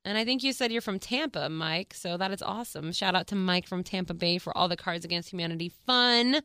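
A woman hosting her own podcast, talking casually and warmly to listeners with frequent laughter. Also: on the low side, brisk, clear, resonant tone, no echo, clean studio sound. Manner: chatty, effusive, laughs often. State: tearful. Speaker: podcast host. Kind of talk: casual solo podcast chat.

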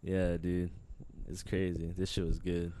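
A man co-hosting a podcast, telling a rambling story full of swearing and slang, laughing often, relaxed and high. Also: measured pace, no room sound. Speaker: podcast co-host. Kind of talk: casual chat.

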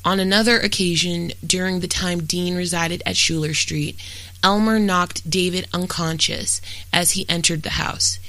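A true-crime podcast host reads a scripted account in a steady, matter-of-fact way and turns blunt and profane in casual asides. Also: medium pitch, vocal fry, dry recording, poor audio.

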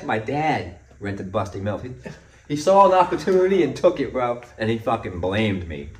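A man's voice: mid-range voice, very animated, normal speed. A young man co-hosting a podcast, telling rambling, profane stories and laughing as he goes. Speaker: podcast co-host. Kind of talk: casual chat, storytelling. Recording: roomy sound, a bit far from the mic.

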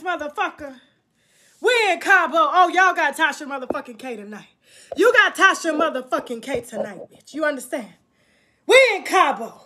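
A woman's voice: very high-pitched, bright, forceful tone. A woman hosting her own livestream, delivering a crude, taunting rant with mocking laughter. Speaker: livestream host.

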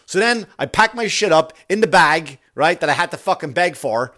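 Podcast host, male, a dad, sarcastic profane ranter, voice a touch higher than most men's. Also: expressive, moderate pace, few pauses, pushed and bright. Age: adult father. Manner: sarcastic, exasperated, swears constantly. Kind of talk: profane ranting monologue.

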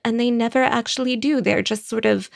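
A woman recommending books in a casual, wry, conversational way, with quick asides. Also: a little high, fairly even intonation, vocal fry, no room sound, clean studio sound. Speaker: book critic.

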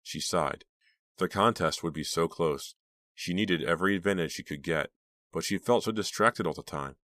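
A man narrating a teen thriller audiobook in a measured storytelling voice. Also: low voice, a bit bright, dry recording. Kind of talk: scripted narration.

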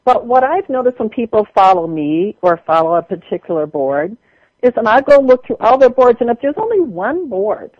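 A woman's voice: a little high, big pitch swings, normal speed, no room sound, highs cut off. A woman with a Wisconsin accent, a social media tutor talking casually as a radio guest, folksy and chatty. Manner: chatty, folksy, laughs often.

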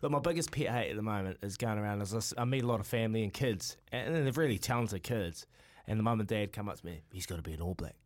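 Kiwi bloke on morning radio, earnest, short punchy phrases. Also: male voice, fairly low pitch, lively intonation, fast talker, hardly any pauses. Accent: New Zealand. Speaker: radio co-host, former rugby player. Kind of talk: casual radio chat.

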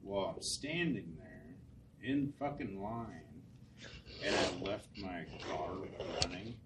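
A man's voice: sits low, lively intonation, slow, far from the mic. A middle-aged man co-hosting a podcast, telling rambling, profane anecdotes in casual chat. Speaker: podcast co-host. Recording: noisy, off-mic.

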